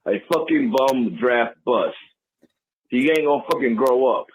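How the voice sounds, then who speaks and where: A man's voice: mid-range voice, measured pace, breathy edge, rough recording. A man calling in to a podcast, ranting angrily with constant profanity. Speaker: caller. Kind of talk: angry call-in rant.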